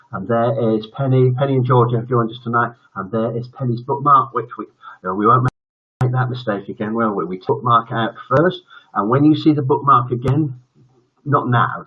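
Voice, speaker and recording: A man's voice: medium pitch, breathy edge, dull audio. An older man hosting a live-streamed bedtime story show, chatting in a jokey, teasing way. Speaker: host.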